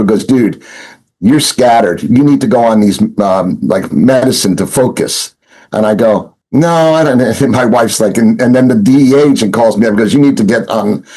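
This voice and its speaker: A man talking in a loose, rambling way, full of restarts and fillers. His voice sits at an ordinary pitch, and he slips into other people's lines as he tells his story. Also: dark tone, rough recording. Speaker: interview guest, former smuggler turned informant. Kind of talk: casual storytelling interview.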